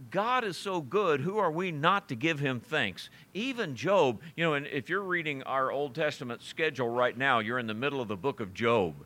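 A man's voice: on the high side, sharp tone. A pastor preaching a conversational sermon, reading scripture aloud and chuckling at his own stories.

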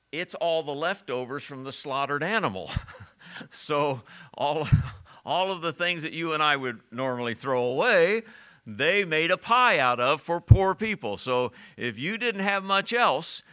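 A man's voice: a little high, pushed and bright. A man preaching a sermon, reading scripture aloud, asking his listeners questions and chuckling now and then. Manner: asks the congregation questions and reads scripture aloud; chuckles often while preaching.

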